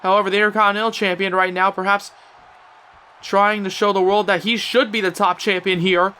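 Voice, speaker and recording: High, bright-voiced excitable wrestling commentator man. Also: fairly quick, clear, resonant tone. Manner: excitable, rising to shouts at big moves.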